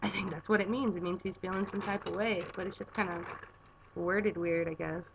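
Gravelly-voiced young woman vlogging casually. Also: on the low side, fairly even intonation, a little fast, lo-fi sound, noisy background. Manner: rambling, chatty, with filler words. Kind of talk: casual vlog chat. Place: home garage.

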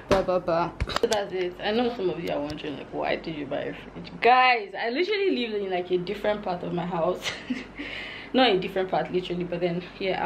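A woman's voice: fairly low pitch, darkish tone, slight background noise, poor audio. A young Nigerian woman in her twenties chatting casually to her viewers in a home vlog, frank and laughing often. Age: 20s. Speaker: vlogger. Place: her room at home, indoors.

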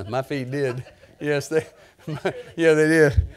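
An older man, preaching a sermon through a lively personal story, swinging from low murmurs to loud excited bursts. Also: takes it slowly. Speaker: pastor.

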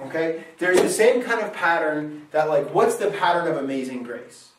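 Male Latin teacher, high-ish voice, self-correcting, heard far off in a boomy room. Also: normal speed, a little hiss or hum. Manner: lively, thinks aloud and corrects himself. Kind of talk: classroom lecture. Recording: very echoey room, mic far off.

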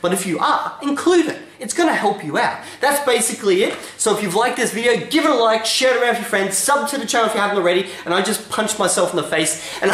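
A man's voice: high voice, animated, quick pace, hardly any pauses, a bit bright. A man talking casually to camera as a YouTuber, telling stories with a joking, self-assured manner. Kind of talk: casual vlog talk to camera. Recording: echoey room.

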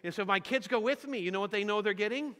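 A man's voice: sits high, fast talker, sharp tone. A man preaching a sermon as a visiting pastor, telling homespun stories with humor and animation. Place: church sanctuary. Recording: church hall reverb.

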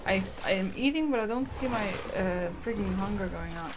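A woman's voice: medium pitch, expressive, fairly quick, background noise. Playful woman narrating her gameplay. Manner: chatty, playful, goofy asides. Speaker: gamer. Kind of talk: let's play commentary. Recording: game sounds loud behind voice. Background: game audio, dinosaur calls.

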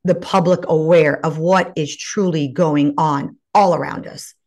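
A woman's voice: deep voice, steady tone, a little slow, darkish tone. A woman hosting an interview podcast, speaking with passion and often repeating words as she builds a point. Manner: impassioned, repeats words when stirred. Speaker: podcast host.

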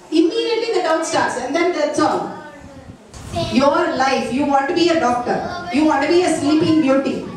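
A woman teacher, talking to a class of children and often checking that they understand. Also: very high-pitched. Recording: echoey room, mic far from speaker.

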